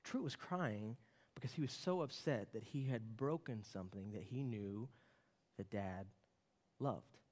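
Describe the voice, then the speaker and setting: A man in his late thirties preaching a sermon, telling a family story with an animated, storytelling manner. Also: lowish voice, unhurried. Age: late 30s. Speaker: pastor. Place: church sanctuary. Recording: long reverb of a church hall.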